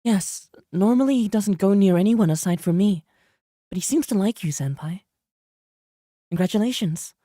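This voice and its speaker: A man's voice: high voice, normal speed, long pauses, warm tone, no room sound, studio quality, voice pushed up, close to an everyday voice. A man putting on a shy, earnest young woman's voice with a put-on British accent while reading game dialogue aloud. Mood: earnest, polite. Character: shy polite young woman, a kind junior.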